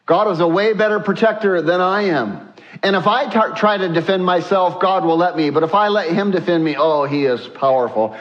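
With a fairly high voice and a slightly fast pace, a male pastor preaches a lively, exclamatory sermon peppered with "uh" fillers. He has the congregation read verses aloud, and the recording's highs are cut off.

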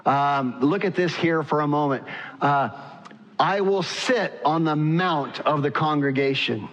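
A man preaching from the pulpit, his slightly high voice moving at an unhurried pace. He asks rhetorical questions and fills pauses with "uh." The sound is a little dull and trails off into a long church-hall echo. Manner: animated preaching with frequent "uh" fillers and rhetorical questions. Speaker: pastor. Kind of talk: sermon. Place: church sanctuary.

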